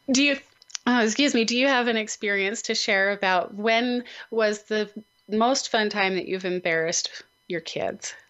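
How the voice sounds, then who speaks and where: A woman's voice: mid-range voice, a little slow, fairly bright tone, smooth. A woman hosting a talk radio interview, introducing her guest and asking questions. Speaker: radio show host. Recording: slightly dull radio audio.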